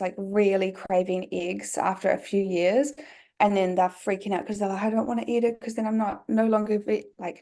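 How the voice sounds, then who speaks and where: Speaking with a New Zealand accent in a dark, medium-pitched voice, this young woman chats casually as a podcast guest. "Like" crops up constantly in her sentences.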